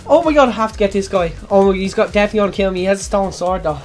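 A young woman giving jokey, excitable let's play commentary, breaking into sudden loud yelps. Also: medium pitch, very fast, faint music behind. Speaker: gaming channel host.

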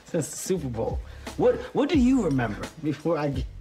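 A man's voice: on the high side, brisk, faint music behind. A man from Philadelphia hosting a talk show, telling a comedic story and acting out the voices in it. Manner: animated, acts out voices in his stories. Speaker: host.

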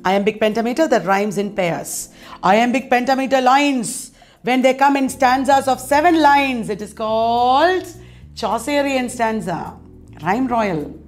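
A woman teaching an exam-prep literature lecture, speaking in an emphatic way and repeating key terms. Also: fairly high pitch.

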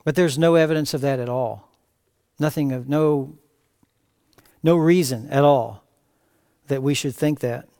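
A man preaching a verse-by-verse sermon as pastor, reading scripture aloud with rising emphatic cries and then dropping to quiet asides. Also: mid-range voice, unhurried, long pauses. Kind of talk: expository sermon. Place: church sanctuary.

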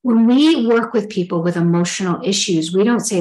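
A woman's voice: mid-range voice, normal speed, a little mellow, low-quality recording. Middle aged woman teaching spiritual stuff, earnest, thoughtful, acts out little inner dialogues.

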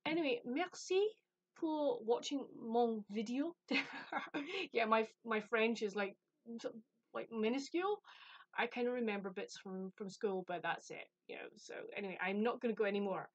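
A woman's voice: medium pitch, fairly quick, dry recording, muffled recording. A woman from the UK chatting casually about a book she received, rambling and self-deprecating. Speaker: book vlogger. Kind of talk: casual chat.

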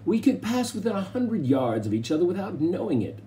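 A man's voice: high-pitched, sing-song, fairly quick, warm tone, slight background noise, pitched above the performer's own voice. A man reading a storybook, voicing a formal, clever butler who speaks politely and precisely.

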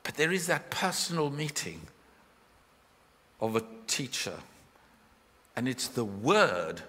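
A man preaching a live sermon in a church, expressive and full of questions to his listeners. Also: mid-range voice, slow, slightly rough. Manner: expressive, questioning, voices the Bible figures in his retelling. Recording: hall reverb from a live church.

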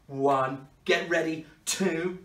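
A man's voice: a little high, steady tone, takes it slowly, a bit bright. A man hosting a children's party show, talking to the kids in a playful, mock-dramatic way. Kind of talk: kids' party performance. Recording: roomy, from a distance.

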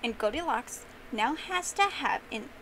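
Animated high-voiced young woman storyteller. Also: a little slow, a little hiss or hum, low-quality recording. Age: young adult. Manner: expressive, animated narration. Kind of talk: memorized storytelling performance.

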